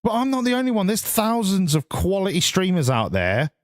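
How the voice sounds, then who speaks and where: Sweary streamer, lively high voice. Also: male voice, a little fast, no echo. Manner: sweary, rambling, chatty banter. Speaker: hobby streamer. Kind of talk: casual live-stream chat to viewers while gaming.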